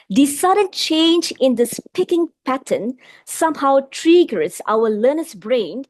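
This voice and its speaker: A woman with a Malaysian English accent, her voice sitting high with big swings in pitch, teaches a live online webinar on vocal delivery, addressing listeners as "my dear friends" and reading their replies aloud. She shifts her loudness and slows down to stress points. The studio-quality recording has no room sound.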